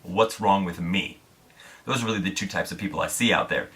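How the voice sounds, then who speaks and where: A man's voice: low voice, fairly quick, fairly bright tone. A young man from Indiana, a vlogger telling a story to camera in a candid, self-deprecating way, swearing freely.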